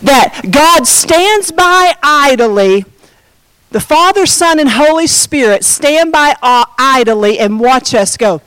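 A middle-aged woman preaching a sermon through a personal story, animated, with dramatic slowdowns and hushed emphasis. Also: high-pitched, no room sound.

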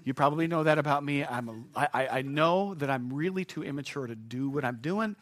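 A man's voice: a little high, a little fast, dry recording. A man preaching a sermon in a jokey, chuckling, conversational way. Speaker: pastor.

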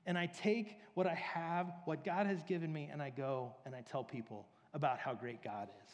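Guy preaching kinda chatty, lots of likes and ums, higher voice, big reverb. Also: moderate pace. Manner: casual, filler-heavy, storytelling. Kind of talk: conversational sermon. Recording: long reverb of a large hall.

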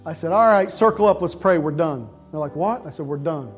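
A middle-aged male pastor telling a personal story in a sermon, acting out voices and sometimes shouting with excitement. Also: fairly high pitch, a little fast, faint music behind. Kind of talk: sermon testimony.

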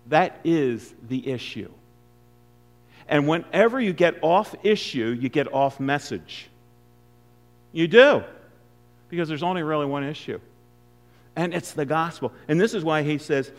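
A man's voice: on the high side, expressive, moderate pace. Older male guest preacher, reverberant hall. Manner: conversational preaching, rising to emphatic stresses. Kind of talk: sermon. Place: church sanctuary.

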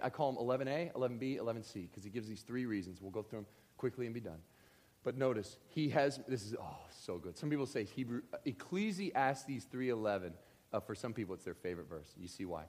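A man with a lowish voice delivers a sermon at a brisk pace, earnest and direct with his congregation, working up to emphatic, animated outbursts.

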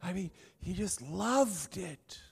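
A man preaching a sermon, telling a story with dramatic pauses and shifts between loud and hushed. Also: high voice, expressive, creaky, slightly rough, long reverb tail. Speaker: pastor.

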